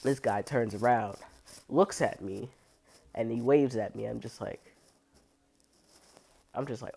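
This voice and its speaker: A young woman with an unusually low voice, telling a blunt, profane story about her cleaning job in a casual vlog. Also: a little slow, gravelly, pauses often, dark tone, breathy edge. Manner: blunt, profane, heavy use of "like", laughs often. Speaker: restroom and locker room cleaner.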